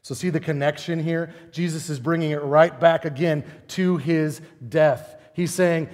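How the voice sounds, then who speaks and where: A man preaches with a fairly high voice that rings out through a hall with long reverb. He talks animatedly, asking rhetorical questions and hammering his points with drama. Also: steady tone, unhurried, few pauses, darkish tone. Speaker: pastor. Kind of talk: sermon.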